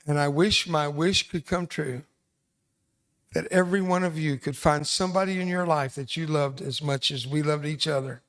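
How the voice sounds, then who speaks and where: An older man in his seventies with a slightly high-pitched voice speaks to students in a school hall. He tells stories as a veteran guest and keeps slipping in self-deprecating jokes. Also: fairly bright tone. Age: 70s. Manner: joking, self-deprecating storyteller. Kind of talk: storytelling speech to students.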